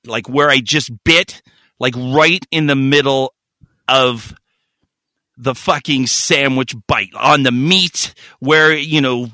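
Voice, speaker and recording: A man co-hosting a podcast, telling a profane, animated story in casual chat. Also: medium pitch, no echo. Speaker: podcast co-host.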